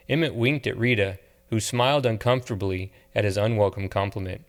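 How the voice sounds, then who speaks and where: A man narrating an audiobook novel in a measured, steady way. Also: lowish voice. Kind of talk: scripted narration.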